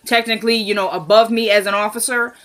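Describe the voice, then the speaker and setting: A woman's voice: medium pitch, steady tone, quick pace, fairly bright tone. A woman casually recapping a TV episode, retelling scenes with "he was like" and adding her own side comments.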